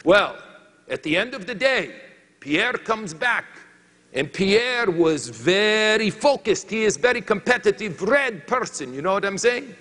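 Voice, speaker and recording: Man doing a comic French woodcutter, high-pitched and drawn-out, thick put-on accent, long hall reverb. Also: sing-song, sharp tone, exaggerated voice. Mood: storytelling. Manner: halting, broken English, comic timing. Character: boastful French lumberjack man, comic storyteller.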